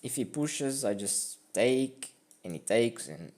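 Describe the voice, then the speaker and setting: A man in a mid-range voice walks through a board game move by move in a loose, chatty way. He keeps stopping to poke fun at his own blunders and leans on filler words as he thinks out loud. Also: mid-range voice, expressive, slow. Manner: rambling and self-mocking, full of "like" and "I mean". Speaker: chess streamer reviewing his own game. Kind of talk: casual game commentary.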